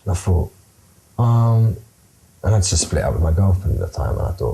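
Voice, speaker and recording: A man's voice: low voice, big pitch swings, moderate pace, long pauses, dark tone, slightly rough, rough recording. A man telling a casual anecdote, rambling and hesitant with lots of fillers and swearing.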